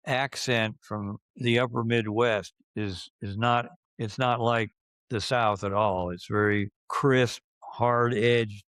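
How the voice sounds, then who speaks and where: A man in his seventies, reminiscing in a casual interview and speaking slowly, with many fillers and restarts. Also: medium pitch, steady tone, fairly bright tone, smooth, no room sound. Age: 70s. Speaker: interviewee recalling his youth.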